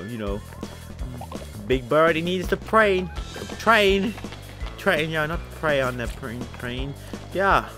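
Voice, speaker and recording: A man giving playful let's-play commentary at a desk mic, giggling and shouting with excitement as he plays. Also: mid-range voice. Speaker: gaming youtuber. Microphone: desk microphone with headphones.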